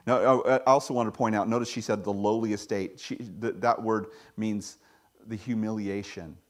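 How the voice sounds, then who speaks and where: A man giving a sermon as pastor, in a conversational preaching style with sudden high-pitched asides. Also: steady tone, normal speed.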